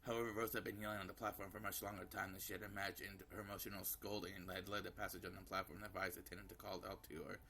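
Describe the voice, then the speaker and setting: A man's voice: low voice, level tone, racing, hardly any pauses, bright, forceful tone, a little hiss or hum. A man reading a visual novel aloud, with occasional slips and self-corrections. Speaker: gameplay narrator.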